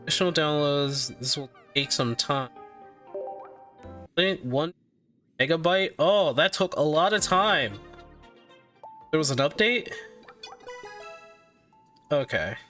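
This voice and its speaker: A man's voice: fairly high pitch, lively intonation, slow, pauses often, pushed and bright, soft background music. A man streaming live, chatting casually and animatedly with his viewers, laughing often and tripping over his words.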